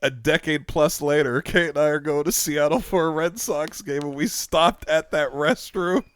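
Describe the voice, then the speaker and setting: A man hosting a podcast, telling a story in a casual, animated way and laughing often as he talks. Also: a little high, moderate pace, clean tone. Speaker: podcast host.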